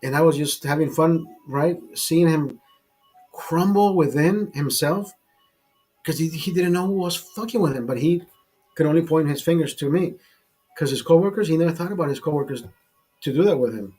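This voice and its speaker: A man's voice: on the high side, moderate pace, mellow, husky, soft background music. A man hosting a casual show, telling a rambling, profane story with many restarts and repeated words. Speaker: host.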